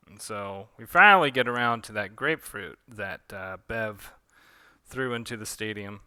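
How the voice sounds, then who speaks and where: A man talking through his own comic in a relaxed, rambling way. His voice is very bright and sharp. The recording is close and completely dry. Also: fairly low pitch, normal speed, clean tone, no echo. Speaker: author giving commentary. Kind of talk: director's commentary read-along.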